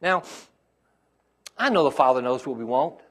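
A man's voice: mid-range voice, animated, normal speed, a bit bright. A man, a pastor preaching a sermon to his congregation and calling out to them as his intensity rises.

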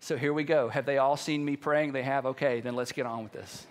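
A preacher voicing a calm praying man. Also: sits high, fairly quick, pitched below the performer's own voice. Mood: confiding.

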